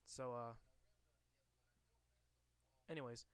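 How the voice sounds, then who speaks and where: A man's voice: mid-range voice, steady tone, drawn-out words, clean tone, no echo. A man casually reading a comic book aloud to a camera, hesitant with many fillers and restarts.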